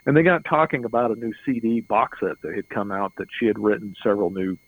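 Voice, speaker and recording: A man's voice: on the low side, steady tone, fast, slightly rough, poor audio. A middle-aged man telling a long anecdote in an interview, rambling and chuckling, often repeating words as he goes. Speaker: interview guest. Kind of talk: casual anecdotal storytelling.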